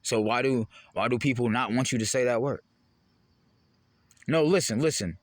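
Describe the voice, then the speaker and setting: A man's voice: mid-range voice, normal speed, no room sound. A man in a heated, rambling, profane monologue to the camera. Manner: heated, rambling, profane, jumping between topics. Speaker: vlogger.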